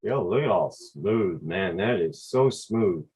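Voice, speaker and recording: Low-voiced man with a Quebec accent. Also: slow, slightly rough. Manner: relaxed, rambling, mild swearing. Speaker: drone channel host. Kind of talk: casual livestream chat. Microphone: video call.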